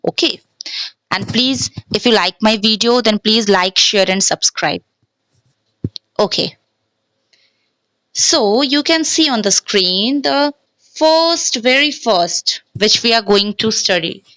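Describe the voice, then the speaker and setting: Higher-voiced woman, online language tutor, patient and repetitive delivery. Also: lively intonation, slow, long pauses, bright, forceful tone, poor audio. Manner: repeats and restarts, frequent "okay" checks. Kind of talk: explaining to camera, mixing English and Hindi.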